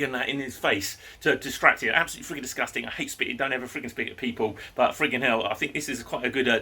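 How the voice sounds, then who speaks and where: A man, telling a dramatic story in a casual vlog, animated and swearing often. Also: medium pitch, slight background noise. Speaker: vlogger.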